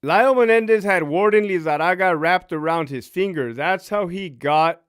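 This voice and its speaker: Sitting high with a clean tone, this man's voice keeps a normal speed. He's in his fifties, formerly a prison officer, and he's cursing, laughing, and animatedly telling stories on a casual live stream.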